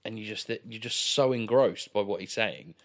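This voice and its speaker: Deep-voiced man, relaxed film chat. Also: moderate pace. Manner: relaxed, filler-heavy, agreeable. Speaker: podcast co-host. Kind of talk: casual film discussion.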